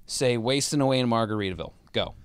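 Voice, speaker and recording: A man's voice: mid-range voice, fast, clean tone, dry recording. A man co-hosting a casual podcast chat, telling stories animatedly and acting out quotes. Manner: animated storyteller, acts out quotes. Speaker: podcast co-host, tour roadie.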